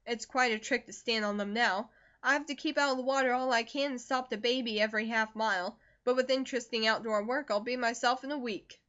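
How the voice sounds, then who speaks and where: A woman voicing a talkative young man who is recovering from a fever, brisk and jovial, in an audiobook reading. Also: on the high side, steady tone, fairly bright tone, lo-fi sound, lightly acted.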